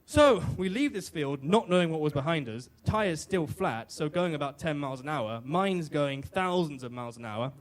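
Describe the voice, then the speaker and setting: A man's voice: a little high, animated, moderate pace, few pauses. A British man telling a comic personal story on stage, wry and self-deprecating, with fillers and restarts. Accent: British English. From Britain. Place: live storytelling venue on stage.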